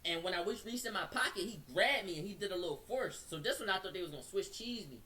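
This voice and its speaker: A man's voice: high voice, fast, recorded from a distance, slight background noise. A man telling a story in casual slang, acting out what people said to him and speeding up as it gets tense. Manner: slangy, acts out quotes, speeds up when excited. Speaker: storyteller recounting an incident.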